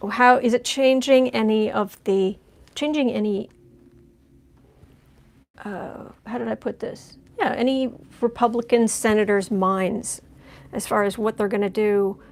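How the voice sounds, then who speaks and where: Slow, gravelly-voiced woman tarot reader. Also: fairly high pitch, darkish tone. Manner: chatty, wry asides while shuffling cards. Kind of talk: live-stream tarot reading.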